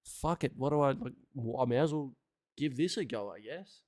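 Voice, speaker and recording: A man's voice: medium pitch, normal speed, a little mellow, no room sound, close to an everyday voice. A small, hesitant frog, as a man voices him on stream, talking himself into it with a shrug. It is dry and closely miked. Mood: resigned. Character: nervous small male frog, resigned.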